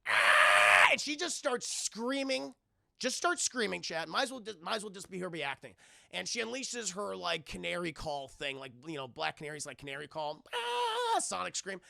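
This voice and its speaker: A man streaming a live film review, recapping scenes sarcastically for his chat with swearing and quick mock impressions of the characters. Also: sits high, gravelly, dry recording, studio quality. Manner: sarcastic, animated retelling with profanity.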